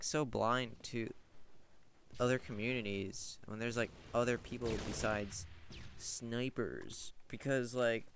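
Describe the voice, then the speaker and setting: Rambling young man with a lowish voice. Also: fairly bright tone, slight background noise. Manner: rambling, heavy use of "like". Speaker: gaming commentator. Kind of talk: casual rambling commentary.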